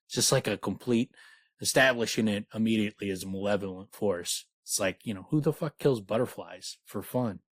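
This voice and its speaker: A man with a fairly low voice talks books on a podcast, animated and irreverent, swearing as he goes. The sound is dry and close, with no room echo. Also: fairly quick. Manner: animated, profane, laughs often. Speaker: podcast co-host. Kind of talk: casual book discussion.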